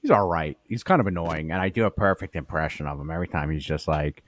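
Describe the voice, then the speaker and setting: A low-pitched man talks into a studio mic with a dry, close sound. He is profane and animated, a casual storyteller who drops into impressions of the people in his tales. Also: quick pace, dry recording. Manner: profane, animated storyteller doing voices of coworkers. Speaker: podcast co-host. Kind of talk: crude casual chat and storytelling.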